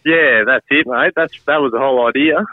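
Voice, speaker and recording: A man's voice: mid-range voice, brisk. An easygoing man from Queensland with an Australian accent, chatting as a caller on a podcast. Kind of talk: casual phone chat. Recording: tinny phone line, dry.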